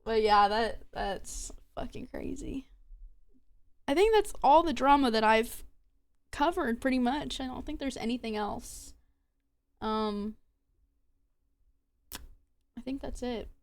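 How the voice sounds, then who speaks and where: A woman's voice: on the high side, takes it slowly, pauses often. A young woman streamer chatting casually and gossiping, swearing freely as she talks. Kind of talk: casual live-stream chat.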